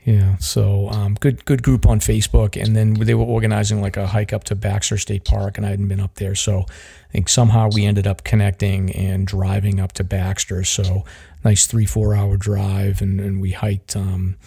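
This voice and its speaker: A man hosts a casual hiking podcast in a low, husky voice with gravel in it. His tone is dark and mellow. He rambles, teases himself and steers the chat. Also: flat delivery, normal speed, no echo, clean studio sound. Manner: rambling, self-deprecating. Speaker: podcast host. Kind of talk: casual interview.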